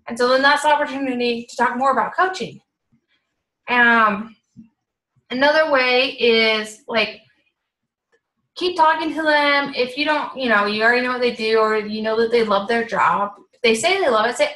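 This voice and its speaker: A woman's voice: fairly high pitch, moderate pace. Upbeat chatty woman in an echoey room. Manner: chatty and upbeat, many fillers, acts out messages in a bright voice. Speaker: health coach. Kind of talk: casual coaching talk.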